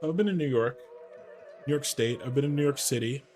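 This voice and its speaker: A man's voice: mid-range voice, brisk, darkish tone. Man, Midwest, casual game streaming chatter, mid-range voice, faint music behind. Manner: chatty, answers chat questions aloud. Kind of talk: casual gameplay commentary.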